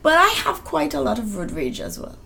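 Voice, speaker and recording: A woman from Trinidad co-hosting a casual chat who talks calmly and recaps the story for listeners. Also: a little high, vocal fry. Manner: calm, measured, recaps for listeners.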